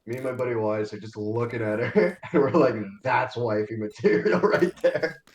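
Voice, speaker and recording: A man's voice: mid-range voice, normal speed, echoey room, rough recording. A young man from New Jersey on a voice call, chatting casually, laughing through his stories and swearing. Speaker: friend on a call. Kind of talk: casual chat.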